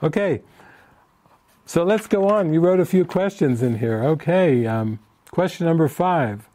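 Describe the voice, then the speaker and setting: A man leads a spiritual retreat session with a mellow, soft-edged voice. He answers participants' written questions and tells stories, acting out the lines of the people in them. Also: fairly high pitch, lively intonation, measured pace. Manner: storytelling, acts out the people he quotes. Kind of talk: informal spiritual retreat talk.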